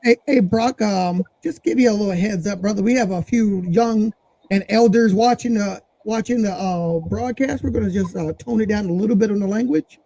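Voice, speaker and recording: A man hosting a live podcast, gently and easygoingly asking his guest to tone down his language. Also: sits high, moderate pace, vocal fry, dry recording. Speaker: podcast host.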